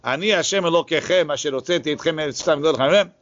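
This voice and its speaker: A man teaching a Talmud class, reading the source text quickly and then explaining it in a casual way. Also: fairly high pitch, a bit bright. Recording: lo-fi, muffled recording.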